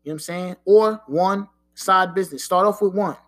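High-voiced man talking frank street talk. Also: fairly quick, a bit bright. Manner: frank, profane street talk with frequent "you know what I'm saying". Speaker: podcast host. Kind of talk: casual solo talk.

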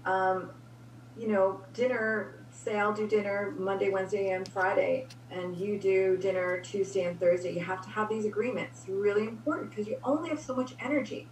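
A woman guest giving relationship advice in an energetic way, acting out example dialogue. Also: medium pitch, moderate pace. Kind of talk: casual conversation. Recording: roomy, distant mic with faint hum.

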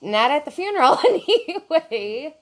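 A woman on a podcast telling a story about herself in casual chat, animated and self-mocking, swearing freely. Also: sits high, unhurried.

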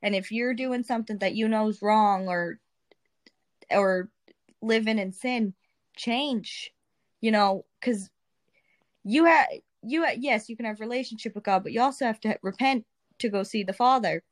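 A woman's voice: on the high side, normal speed. A young adult woman earnestly and candidly sharing her faith testimony as a guest, in a colloquial way. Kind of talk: casual testimony retelling.

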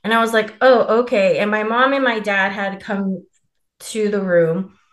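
A woman's voice: medium pitch, a little slow, a bit bright, echoey room. A young woman co-hosting a podcast, telling a personal story in a candid, profane, laughing way. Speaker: podcast co-host. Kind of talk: casual storytelling chat.

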